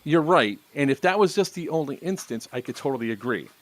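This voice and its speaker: A man's voice: a little high, expressive, fairly quick. A man hosting a casual podcast chat, telling a story loosely with plenty of swearing. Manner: storytelling with profanity and laughs. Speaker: podcast host.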